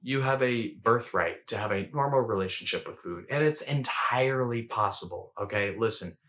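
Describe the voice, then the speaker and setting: A man's voice: medium pitch, animated, normal speed, pushed and bright. A man hosting a casual coaching talk, conversational and repetitive, often checking in with "right?". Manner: conversational, repeats words and rhetorical "right?". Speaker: host.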